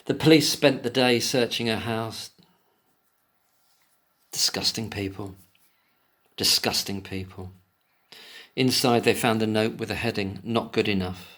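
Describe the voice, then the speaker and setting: A man's voice: lowish voice, a little slow, pauses often, a bit bright. A man giving a solo commentary, reading an article aloud and breaking off into emotional, indignant rants with plenty of swearing. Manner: reads passages aloud, then breaks off to rant.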